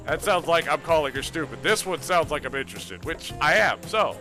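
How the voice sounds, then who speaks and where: A man streaming a dating game, excitable and jokey, reading it aloud and talking back to the game. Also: on the high side, fairly quick, hardly any pauses, soft background music.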